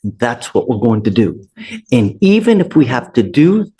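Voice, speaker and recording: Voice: medium pitch, very animated, a little slow, dark tone, breathy edge. A judge speaking sternly from the bench in a courtroom, running through long lists of charges.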